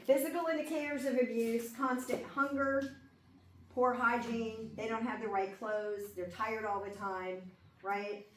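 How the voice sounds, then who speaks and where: A fairly high, steady female voice unhurriedly works through a classroom lecture, talking conversationally and often tossing in "okay?" and "right?" to check with listeners. The lecture room is echoey, the mic sits far off, and there's a faint background hum.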